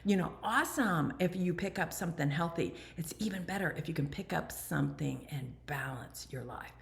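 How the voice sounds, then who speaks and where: A woman candidly talking about her recovery in an animated personal monologue, sometimes dropping to a near whisper. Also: low voice, moderate pace, gravelly. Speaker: recovery speaker and channel host.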